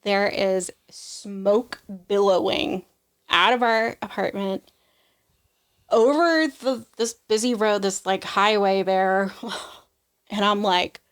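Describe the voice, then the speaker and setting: A woman's voice: mid-range voice, slow pace, smooth. A young adult woman giving an emotional personal testimony as a podcast guest, acting out what people said and leaning on "like" a lot. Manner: emotional storytelling, acts out quoted voices, frequent "like".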